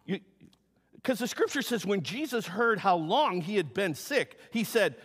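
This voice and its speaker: High-voiced, animated preaching man. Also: measured pace, breathy edge. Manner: animated, acts out the story's characters. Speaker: pastor. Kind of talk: sermon. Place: church sanctuary. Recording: long hall reverb.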